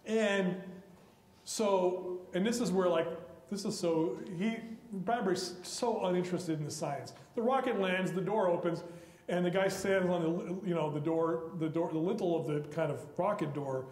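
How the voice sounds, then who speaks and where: A man's voice: high voice, normal speed, a little mellow. A man giving a public lecture on literature in a college auditorium, telling the stories with animation and acting out the characters' lines. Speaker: guest lecturer. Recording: echoey hall with long reverb.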